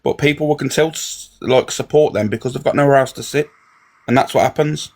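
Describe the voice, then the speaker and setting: A man's voice: mid-range voice, fast, a little mellow. A man ranting in a heated live chat, confrontational and swearing. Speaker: live stream guest.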